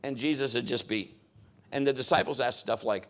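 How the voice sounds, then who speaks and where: A man's voice: mid-range voice, moderate pace, fairly bright tone. A man preaching a sermon in a conversational style, telling a story and acting out what others said. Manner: conversational, acts out quoted voices.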